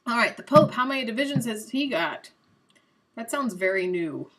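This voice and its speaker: A young adult woman hosting a live stream, chatting casually and guessing out loud while she plays a quiz game, a little self-mocking. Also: a little high, expressive, normal speed.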